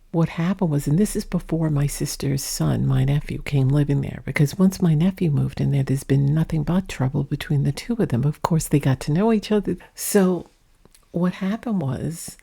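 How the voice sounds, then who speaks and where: A woman vlogger talking low and soft at home, rambling through a story in a casual way, with a mic in front of her. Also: creaky, slightly rough. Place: indoors at home, under a ring light. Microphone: mic set up in front of her.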